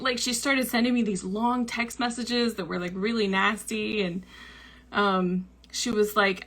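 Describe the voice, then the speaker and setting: A woman's voice: mid-range voice, lively intonation, moderate pace, a bit bright. A young woman hosting a book club show, casually telling a personal story with lots of likes and ums. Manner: chatty, full of likes and ums, acts out quoted lines.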